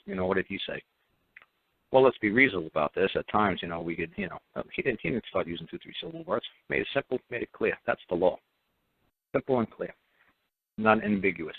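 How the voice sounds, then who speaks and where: A man's voice: fairly low pitch, very animated, fast talker, creaky, slightly rough, no room sound. A man hosting a call-in radio talk show, talking bluntly and emphatically, repeating himself and throwing in mocking asides. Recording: phone-line audio, dry.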